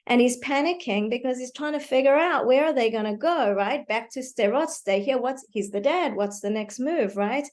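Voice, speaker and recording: Woman, high voice, animated parenting webinar presenter on a video call, storytelling, engages the audience with questions. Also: moderate pace, hardly any pauses. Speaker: parenting speaker. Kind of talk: online webinar talk.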